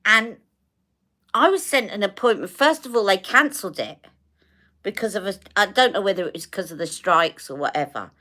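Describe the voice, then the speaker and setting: A woman's voice: mid-range voice, animated, moderate pace, sharp tone. Chatty British woman telling a story. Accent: British English. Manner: chatty, exasperated, acts out the dialogue. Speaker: beauty live-stream host. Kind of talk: casual storytelling to camera.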